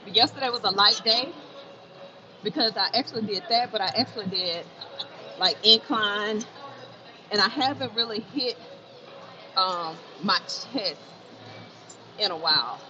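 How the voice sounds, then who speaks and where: A woman's voice: mid-range voice, a little slow, pauses often, pushed and bright. A woman chatting casually on a livestream from an indoor gym, talking to viewers and repeating phrases for emphasis. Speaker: fitness livestreamer. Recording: muffled, noisy gym sound. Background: gym ambience.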